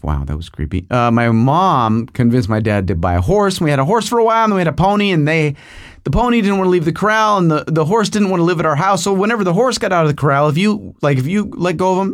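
Guy in his middle years rambling through a funny story on his podcast, voice jumps all over, kinda high. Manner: animated, digressive storytelling with asides to the listener. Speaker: podcast host. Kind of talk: rambling comic monologue.

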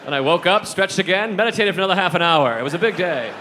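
A man's voice: sits high, animated, fast talker, noisy background. A man doing a stand-up set on a club stage, with a dry, self-deprecating delivery. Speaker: stand-up comedian. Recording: live club recording with crowd laughter. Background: audience laughter.

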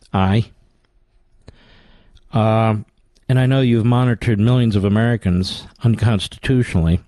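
A man's voice: fairly low pitch, darkish tone, no echo. A man hosting a political talk radio show, delivering sarcastic, combative commentary.

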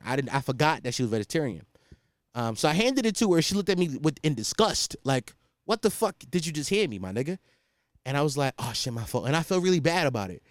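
A young man hosting a podcast, in a casual comedic rant that is profane and animated, and he laughs at his own stories. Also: mid-range voice, clear, resonant tone, no echo, studio quality. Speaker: podcast host.

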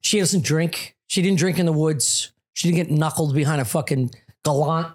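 A man's voice: on the high side, moderate pace. A man co-hosting a comedy podcast, ranting with profanity in casual banter. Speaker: podcast co-host.

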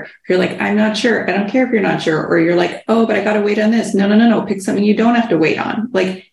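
A woman with a gravelly, creaky voice speaks up on a group call, urging everyone to act now. She repeats herself to press her point, and the sound is echoey, as if the room is bare. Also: medium pitch, darkish tone. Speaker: participant or co-coach on the call. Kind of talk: encouraging talk on a group call.

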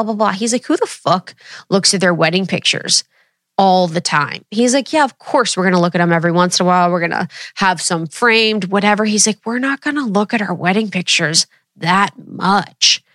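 A woman's voice: on the low side, a bit bright, no room sound, clean studio sound. A woman in her thirties hosting a podcast, chatting candidly and rambling, swearing freely and acting out quoted asides. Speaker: podcast host. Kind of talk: casual solo chat.

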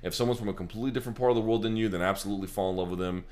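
A man's voice: fairly low pitch, rapid-fire, a little mellow. A man hosting a casual post-fight show, talking loosely and emphatically with lots of fillers and the odd curse. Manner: loose, profane, rambling and emphatic, many fillers. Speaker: MMA show host. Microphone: handheld camera.

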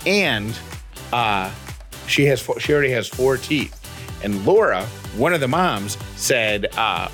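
A man co-hosting a podcast, telling a story casually with an animated, expressive delivery. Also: mid-range voice, slow, faint music behind. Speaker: podcast co-host.

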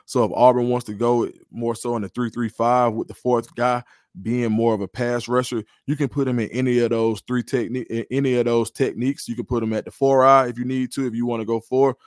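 A man's voice: mid-range voice, fairly quick, no room sound, clean studio sound. A man, a guest analyst in a podcast interview, talks through football recruiting in a confident, analytical way. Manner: confident, analytical, animated storytelling.

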